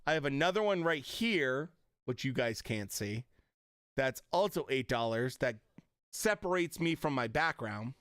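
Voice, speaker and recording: Animated, profane streamer man. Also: medium pitch, measured pace, clean tone, no echo, studio quality. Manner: blunt and profane, riled up. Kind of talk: casual live-stream chat. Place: home streaming room with lit panel backdrop.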